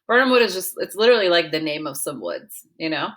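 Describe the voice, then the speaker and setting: A woman's voice: lowish voice, big pitch swings, quick pace, a bit bright. A woman co-teaching a literature lesson in a chatty, casual way, full of "like" and "you know".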